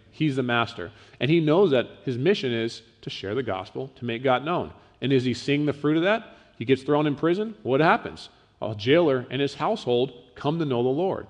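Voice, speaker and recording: A man preaching a sermon in a conversational, plainspoken way, with casual asides. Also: mid-range voice. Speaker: pastor. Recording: long hall reverb.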